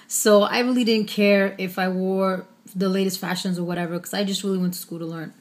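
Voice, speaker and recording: A woman's voice: mid-range voice, flat delivery, fast, few pauses, a little mellow. A woman talking candidly to her vlog viewers, chatty with many fillers, holding back tears. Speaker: vlogger. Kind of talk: casual personal vlog.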